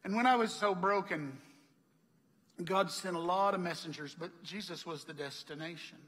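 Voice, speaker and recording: A man's voice: sits high, normal speed, a bit bright, big-room sound. A man preaching a sermon, a chatty storyteller who laughs often and acts out the people he quotes. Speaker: pastor. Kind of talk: sermon with personal stories. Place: church hall.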